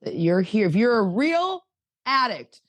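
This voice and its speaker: A woman's voice: a little high, big pitch swings, measured pace, no echo. Woman, 50s, fervent, rhetorical questions, dry close sound, video call. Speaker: recovery meeting speaker. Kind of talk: emotional recovery share.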